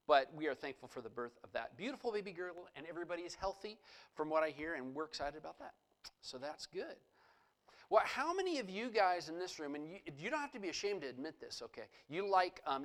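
A male pastor leading a church service, praying and giving announcements in a relaxed, conversational way with frequent fillers. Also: a little high.

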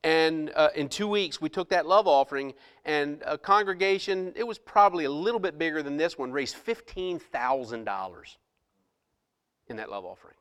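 A man's voice: on the high side, animated, moderate pace, a bit bright, smooth, in a large hall. A middle-aged man, a pastor, telling a personal story to his congregation in a sermon, with frequent restarts and quoted dialogue. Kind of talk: sermon testimony. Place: church.

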